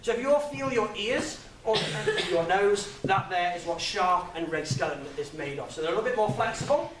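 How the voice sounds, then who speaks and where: Young male speaker, light and high, jokey and chatty; distant mic with faint room noise. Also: animated, fairly quick, a bit bright, very echoey. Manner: chatty, jokey, laughs at own stories. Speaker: guest speaker. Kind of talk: informal public talk. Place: lecture room with audience.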